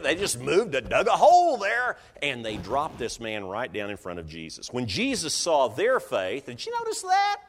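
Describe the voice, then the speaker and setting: Male preacher, very expressive storyteller, echoing church hall sound. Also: medium pitch. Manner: animated storytelling, acting out voices of listeners. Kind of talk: sermon.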